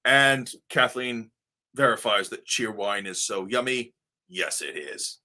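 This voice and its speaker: A man's voice: fairly low pitch, lively intonation, takes it slowly, sharp tone. A man from Ohio with a mixed English and Midwestern American accent, chatting casually as a livestream host reading viewer comments, rambling with fillers and the odd swear word. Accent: mixed English RP, Devon and Midwestern American.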